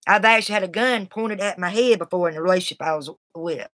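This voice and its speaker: A woman's voice: on the low side, fast, a bit bright, no room sound. A woman casually telling a personal story in a blunt, tough, colloquial way. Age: adult, has a daughter. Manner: blunt and tough, Southern-sounding colloquial speech.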